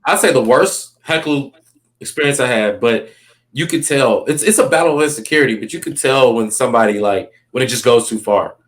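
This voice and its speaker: Loose, rambling comedian telling stories. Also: male voice, medium pitch, brisk. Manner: rambling, loose, lots of "you know what I mean". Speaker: comedian guest. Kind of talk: casual storytelling interview. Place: Los Angeles.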